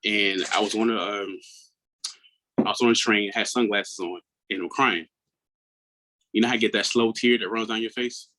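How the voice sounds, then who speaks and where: A man's voice: fairly low pitch, steady tone, normal speed, long pauses, rough recording. Earnest man in his thirties from Maryland. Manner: earnest, reflective, often drops to a hushed tone. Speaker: guest, mental health coach. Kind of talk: personal storytelling in an interview.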